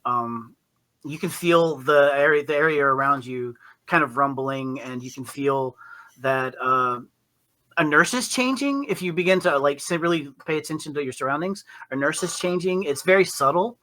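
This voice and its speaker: Game master narrating, fairly high, bright tone, loose rambling delivery. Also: male voice, moderate pace, rough recording. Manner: rambling, with many fillers and restarts.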